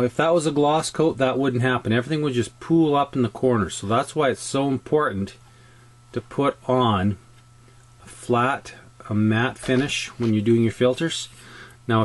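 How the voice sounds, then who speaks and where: A Canadian man explains model-tank weathering in a loose, chatty way. He wanders off topic easily and keeps restarting his thoughts with plenty of ums. His pitch sits in the ordinary middle range for a man. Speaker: scale model builder. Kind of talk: casual hobby tutorial.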